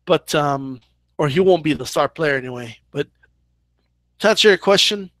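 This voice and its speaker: A man's voice: on the high side, expressive, normal speed, fairly bright tone, no echo. Chatty man hosting a boxing Q&A. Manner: loose and chatty, lots of "like" and "right?". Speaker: boxing channel host. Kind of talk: casual live Q&A, reading viewer questions.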